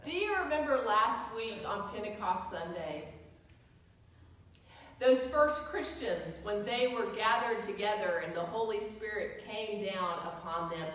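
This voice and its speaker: Preaching in a church sanctuary, this woman uses a mid-range, fairly bright voice that is animated but a little slow. She tells stories and questions the congregation, recorded from afar in the echoing hall.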